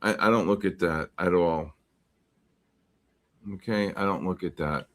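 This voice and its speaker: A man with a low-pitched voice speaks a little slowly as he hosts a live futures trading stream. He rambles through charts and viewer messages, using many fillers while reading the chat.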